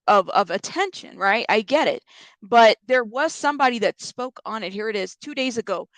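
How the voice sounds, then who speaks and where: A woman commenting on a live stream in a loose, chatty way, stopping to answer her viewers' comments. Her voice sits a little high and sounds close and dry, with no room around it. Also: creaky, fairly bright tone, dry recording. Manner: chatty, reacts to chat comments, thinks aloud.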